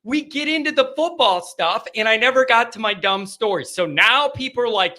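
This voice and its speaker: A man hosting a live late-night call-in sports show, rowdy and animated, chatting with his viewers. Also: extremely high pitch, normal speed, few pauses. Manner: rowdy, animated, talks to the chat.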